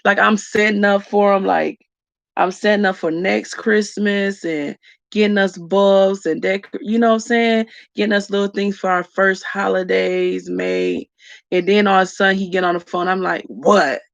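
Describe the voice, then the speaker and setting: A woman's voice: mid-range voice, fairly even intonation, moderate pace, gravelly, dry recording. A woman vlogger candidly telling her story to live viewers, raw and emotional, calling them y'all. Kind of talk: candid story-time livestream chat. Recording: dull lo-fi dry sound.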